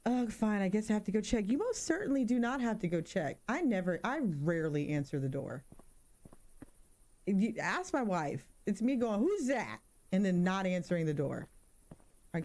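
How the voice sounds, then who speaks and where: A woman in her thirties doing casual let's-play commentary, joking around and spooking easily. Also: medium pitch. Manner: animated, jokey, easily spooked. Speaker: gaming streamer.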